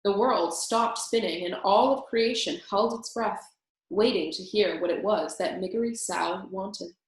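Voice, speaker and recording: A woman teacher reading a children's book aloud with expressive storytelling. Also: medium pitch, a little slow. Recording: very echoey room.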